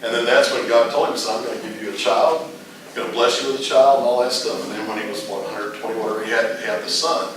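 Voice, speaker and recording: A man's voice: fairly low pitch, steady tone, fast talker. A middle-aged man teaching a casual Bible class, rambling through stories with frequent restarts. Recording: echoey room, mic far off, noisy.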